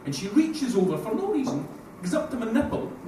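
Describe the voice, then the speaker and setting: A man with a Scottish accent doing a crude, animated stand-up comedy set, slipping into put-on voices. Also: very high-pitched, quick pace. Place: live comedy venue with audience. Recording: echoey room, mic heard from far off, noisy.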